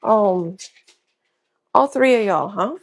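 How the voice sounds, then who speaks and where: Her voice is medium in pitch and animated, and she takes her time. She's a crafter and live seller in her thirties, casually chatting with livestream viewers, whom she calls y'all, from a small room at home as she crafts.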